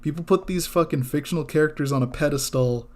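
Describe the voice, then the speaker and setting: A man's voice: a little high, fast. A man ranting casually on a live drawing stream, getting heated, swearing and stumbling over restarts before apologizing. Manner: heated, swearing, many restarts and self-corrections. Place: home studio with background music.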